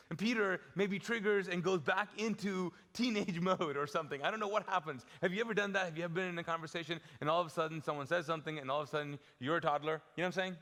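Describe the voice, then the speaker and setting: A man's voice: high voice, pushed and bright. A man preaching a live sermon as pastor, talking casually to the congregation and acting out quoted lines with self-deprecating asides. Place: large church auditorium. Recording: long hall reverb from a live church.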